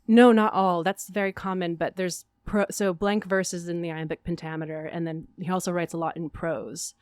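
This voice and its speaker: A woman from Arizona chatting as a guest in a radio interview, upbeat and quick to laugh at herself. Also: on the low side, fairly even intonation, a little mellow, smooth, no room sound. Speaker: guest, stage actor. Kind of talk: casual interview chat.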